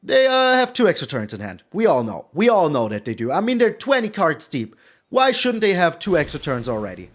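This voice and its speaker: High, lively male game streamer. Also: brisk. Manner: animated, repeats phrases, frequent mild swearing. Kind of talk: live gameplay commentary.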